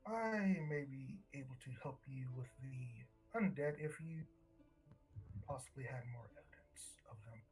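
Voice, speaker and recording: A man voicing a calm male patron of adventurers who politely offers his help in a tabletop role-play. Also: mid-range voice, a little slow, faint music behind, close to an everyday voice, rough recording. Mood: offering help.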